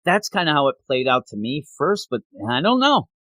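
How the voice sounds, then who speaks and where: A man co-hosting a manga review show in casual chat, retelling scenes in an animated way with quick asides. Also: a little high, no echo. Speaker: podcast co-host reviewing manga.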